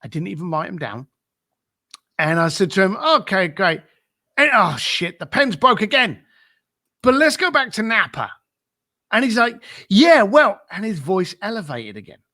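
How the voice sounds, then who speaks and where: With a high, bright, forceful voice full of big pitch swings, a man tells a story as a podcast interview guest at a moderate pace, leaving long pauses. He performs both sides of a phone call and leans on fillers and a repeated "I said."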